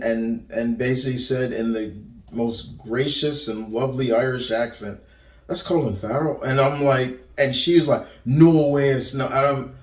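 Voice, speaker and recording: A man's voice: medium pitch, far from the mic. A man giving a casual, rambling movie review, often restarting and repeating words. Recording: roomy echo, voice set back from the mic.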